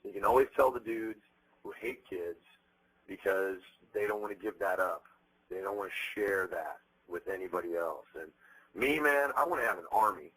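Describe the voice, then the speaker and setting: A man in his thirties being interviewed, telling stories bluntly with plenty of profanity and animated energy. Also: low-pitched, normal speed, breathy edge, rough recording. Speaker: interviewed musician. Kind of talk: candid interview talk.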